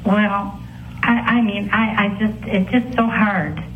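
A woman calls in over a thin, tinny phone line. She speaks haltingly, restarting and stammering over her words, with a shaky, emotional tone. Her voice sits in a middle pitch and comes through lo-fi. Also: a little hiss or hum. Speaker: caller. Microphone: telephone.

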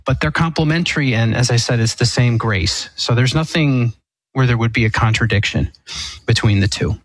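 A man's voice: medium pitch, moderate pace, no echo, poor audio. A man who is an Eastern Catholic priest, explaining church teaching on a call-in show with many restarts and fillers. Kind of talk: answering a caller's question.

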